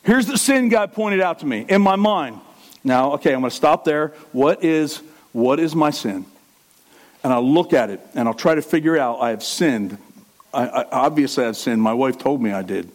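A middle-aged male pastor preaches a conversational sermon at normal speed, sounding expressive. He drops into low asides and then rises into loud, emphatic preaching.

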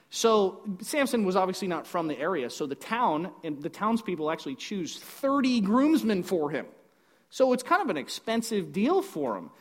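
A man retelling a Bible story in a casual, animated way, acting out the characters and tossing in joking asides. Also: fairly high pitch. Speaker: Bible teacher.

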